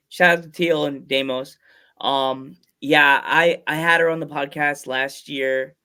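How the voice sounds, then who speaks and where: A man's voice: medium pitch, pushed and bright, clear, resonant tone. A man hosting a casual podcast interview, telling a rambling story with many restarts and acted-out quotes. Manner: rambling storyteller who acts out quoted voices; halting restarts mid-sentence. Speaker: podcast host.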